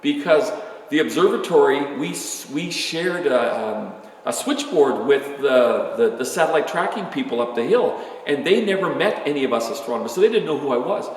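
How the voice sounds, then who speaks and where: Animated older man in an echoey hall. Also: fairly high pitch, normal speed. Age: 60s. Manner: candid, rambling, self-deprecating storyteller. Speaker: astronomer giving a talk. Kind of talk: informal talk to students.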